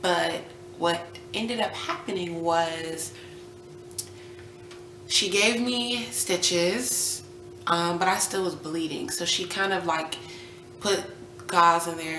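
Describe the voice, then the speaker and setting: A woman's voice: fairly low pitch, measured pace, a little hiss or hum. A young woman vlogging casually, telling a personal story and acting out what people said, sometimes dropping almost to a whisper. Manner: animated, reenacts quotes, drops to near whisper at times. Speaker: vlogger, new mother. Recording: echoey room with faint ambience.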